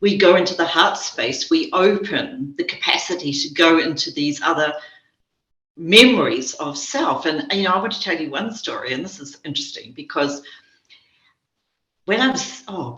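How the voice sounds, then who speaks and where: A woman with a New Zealand accent, a spiritual teacher speaking as a guest and telling stories in a gentle, earnest way. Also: deep voice. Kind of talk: reflective interview conversation. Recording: dull echoey recording.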